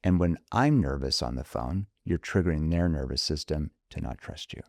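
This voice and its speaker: A man's voice: extremely low pitch, expressive, normal speed, creaky, darkish tone, no echo, clean studio sound. A man talking as a sales trainer guest in a podcast interview, emphatic, acting out sample phone calls in an upbeat voice.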